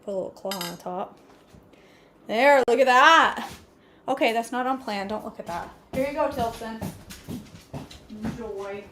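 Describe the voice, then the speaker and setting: A woman's voice: on the high side, unhurried, pauses often, pushed and bright, a little hiss or hum. A woman hosting a casual cooking vlog from her home kitchen, chatty, folksy and joking. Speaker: vlog host.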